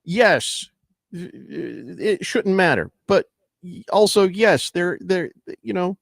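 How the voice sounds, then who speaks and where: A man hosting a sports talk radio show, reading listener texts aloud and riffing in animated banter. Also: high-pitched, takes it slowly, creaky, no echo, clean studio sound.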